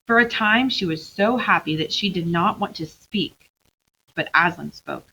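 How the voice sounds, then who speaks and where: A woman teacher reading a novel aloud to her class, expressive, pausing to quiz the students. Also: lowish voice, dull audio, a little hiss or hum.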